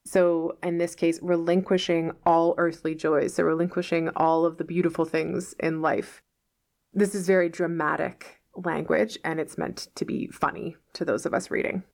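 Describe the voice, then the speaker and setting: A woman's voice: on the low side, level tone, normal speed, vocal fry, a little mellow. A woman teaching English, patiently explaining old words from a novel step by step and checking in with the listener.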